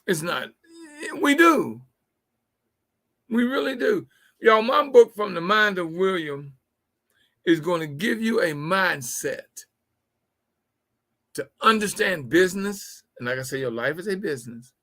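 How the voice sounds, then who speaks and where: Gravelly, folksy man preaching business mindset. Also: high-pitched, expressive, a little slow, fairly bright tone. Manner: folksy, preachy, repeats key phrases. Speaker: host. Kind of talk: motivational business talk show.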